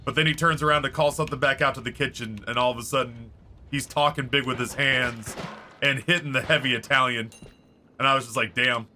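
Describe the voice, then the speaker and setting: A man streaming a game, chatting casually in a rambling, animated storytelling way with many fillers. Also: medium pitch, a little fast, slight background noise.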